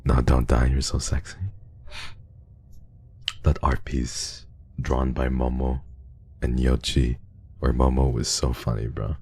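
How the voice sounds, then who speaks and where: A man's voice: rumbling low, flat delivery, takes it slowly, creaky, long pauses, a little mellow, husky. A man streaming live, chatting casually and telling a rambling story with lots of restarts. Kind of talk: casual livestream chat.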